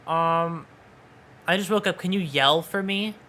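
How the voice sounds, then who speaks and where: A woman streamer chatting casually on a livestream, quiet and soft-spoken, playful, with halting restarts, at a home desk mic. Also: fairly low pitch. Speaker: VTuber streamer. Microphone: desk microphone.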